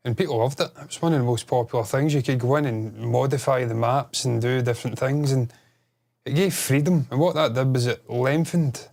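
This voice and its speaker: A man co-hosting a casual podcast, excitable and rambling, swearing freely. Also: medium pitch. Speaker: podcast co-host.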